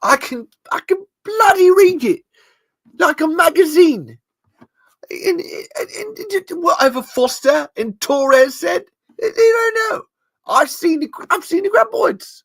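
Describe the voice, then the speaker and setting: An intense male lie-reading expert rants and accuses. The voice sits far higher than his own and swings wildly up and down. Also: animated, slow, creaky, a bit bright, exaggerated voice. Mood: accusing. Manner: ranting, accusing, high-strung.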